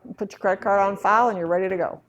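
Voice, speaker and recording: Chatty woman trainer presenting software. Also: mid-range voice, fairly even intonation, racing, lo-fi sound. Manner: chatty, acts out dialogue in anecdotes. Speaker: real estate software trainer.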